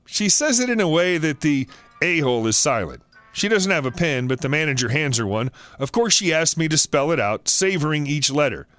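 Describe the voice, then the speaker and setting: Male story narrator, slightly high voice, faint background music, steady reading. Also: normal speed, dry recording.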